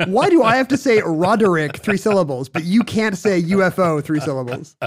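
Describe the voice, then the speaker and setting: Wry, deadpan male podcast host. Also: sits high, moderate pace. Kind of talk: casual comedic chat.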